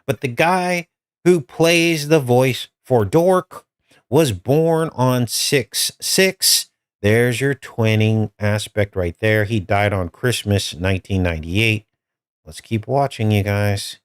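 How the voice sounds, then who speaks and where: A man's voice: mid-range voice, slow, smooth, dry recording, studio quality. A male host giving chatty, conspiratorial commentary over a film.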